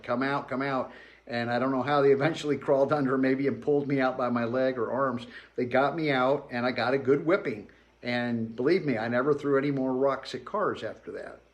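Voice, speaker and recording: Reflective man telling childhood memories. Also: mid-range voice. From Georgia, US South. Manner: reflective, plainspoken, homey asides like "you know". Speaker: memoir storyteller. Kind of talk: spoken personal memoir.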